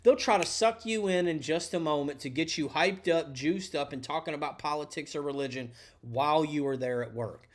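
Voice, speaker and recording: A man hosting a podcast, giving earnest, preachy advice to tradespeople and calling the listener his friend. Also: medium pitch. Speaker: podcast host and electrician coach. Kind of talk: motivational talk to tradespeople.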